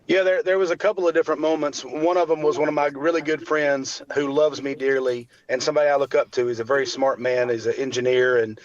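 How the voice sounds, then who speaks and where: A man's voice: mid-range voice, steady tone, fast talker, hardly any pauses, dull audio, a crowd in the background. A man in his forties, a guest telling his personal story earnestly, with faith woven in and other people's words acted out. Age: 40s. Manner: earnest, faith-filled, acts out quotes of others.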